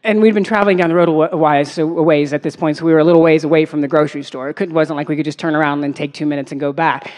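A woman activist telling a personal road-trip story on a music festival stage, animated, full of fillers and easy laughter. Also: sits low, racing, hardly any pauses. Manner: animated, many fillers and likes, breaks into laughs. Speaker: activist speaker. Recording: long reverb of a big space.

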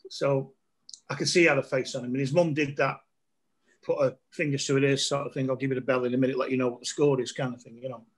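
A man's voice: medium pitch, level tone, fast talker. A middle-aged man, a comedian telling funny stories in a casual chat, laughing often and acting out voices. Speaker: comedian guest.

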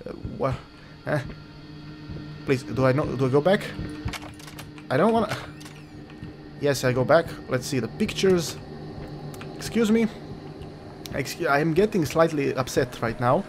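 A man with a mid-range voice and lively intonation jokes his way through a horror game at a moderate pace, leaving long pauses. His casual gameplay commentary is rambling and jokey, and he talks to the game. He's a let's-play gamer whose first language is Croatian, with game music behind him.

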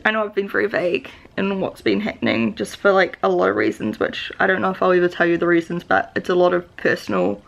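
This vlogger is a young New Zealand woman with a lowish, gravelly voice and a local accent. Speaking to the camera in a confessional style, she rambles, holds back tears, and keeps saying "like" and starting over.

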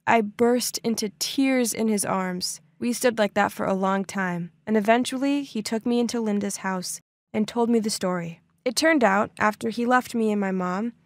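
A woman's voice: on the high side, dry recording, clean studio sound. A young adult woman narrating a first-person story in a scripted, emotive, dramatic way.

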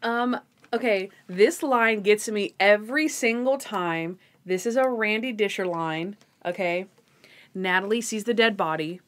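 A woman's voice: mid-range voice, measured pace. Chatty woman podcast co-host. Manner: animated storyteller who acts out scenes and laughs often. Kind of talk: casual recap chat.

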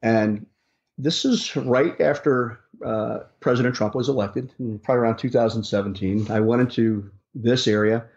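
A man's voice: mid-range voice, normal speed, darkish tone. Rambling male storyteller, muffled lo-fi sound. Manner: rambling, with many restarts and fillers. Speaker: rideshare driver and interview guest. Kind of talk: casual storytelling in an interview. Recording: dull lo-fi sound.

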